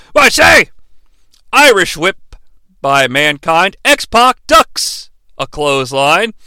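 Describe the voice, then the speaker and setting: A man's voice: sits high, pushed and bright, clear, resonant tone, dry recording. A man hosting a podcast, giving a sarcastic, jokey recap of a wrestling match. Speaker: podcast host.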